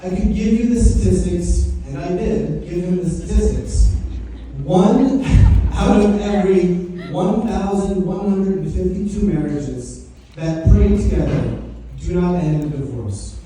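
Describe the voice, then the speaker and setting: A man's voice: sits high, unhurried, dark tone, a little hiss or hum. A middle-aged man giving a heartfelt, joking wedding toast as father of the bride. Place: wedding reception hall. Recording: echoey hall from far off.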